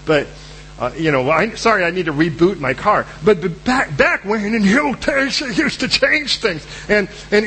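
Preacher, male, high voice, animated delivery, acts out characters, slight background hum. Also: low-quality recording. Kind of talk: sermon.

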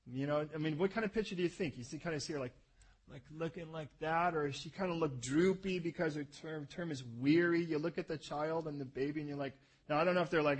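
A man preaching a conversational sermon, animated and joking, asking listeners to repeat words after him. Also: on the high side, quick pace, husky. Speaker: pastor. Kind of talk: sermon teaching.

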